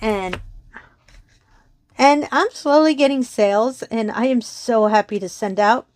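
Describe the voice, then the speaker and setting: A woman with a slightly high voice chats casually to her channel's viewers from home. She talks in a bubbly, rambling way, giggling and apologizing often. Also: measured pace, darkish tone, dry recording. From Texas. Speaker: crafting channel host.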